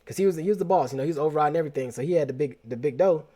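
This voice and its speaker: Man host, slightly high voice, casual slangy storyteller. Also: rapid-fire. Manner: casual, animated, slangy storytelling with repeated restarts. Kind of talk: personal storytelling talk.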